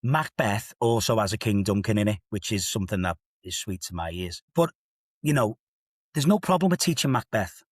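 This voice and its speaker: A man's voice: lowish voice, expressive, moderate pace, husky, dry recording, studio quality. A man in his fifties with a Liverpool accent, an assistant head teacher telling stories with emphatic, rhetorical asides in a podcast discussion. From England.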